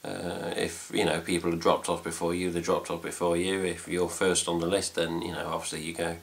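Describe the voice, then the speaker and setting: A man with an English accent and a very low, gravelly voice chats casually at home. He rambles through the story with lots of fillers and mild swearing, in a relaxed vlog style. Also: fairly quick. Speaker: fan site vlogger. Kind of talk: casual chat.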